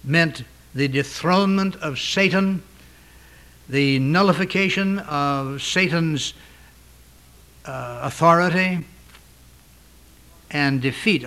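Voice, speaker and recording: A man preaching a sermon as pastor, earnest and emphatic, pausing now and then with hesitations. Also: on the high side, fairly bright tone.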